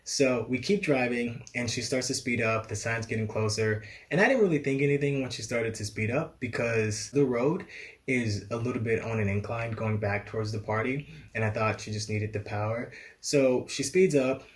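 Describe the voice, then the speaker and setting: Young man, animated storyteller, mid-range voice, laughs between lines. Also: medium pitch, moderate pace. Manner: animated, laughs often, acts out quoted dialogue. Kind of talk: storytime vlog.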